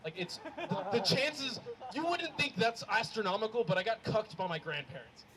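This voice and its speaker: A young man performing a stand-up comedy set, telling stories in an animated way and laughing at his own jokes. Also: high-pitched, moderate pace, a crowd in the background, poor audio. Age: young adult. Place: comedy show with a live audience.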